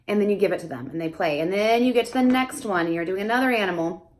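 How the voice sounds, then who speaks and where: A young adult woman who works as a speech therapist explains things casually to camera, animated and fast, now and then slipping into high sing-song questions as though talking to a toddler.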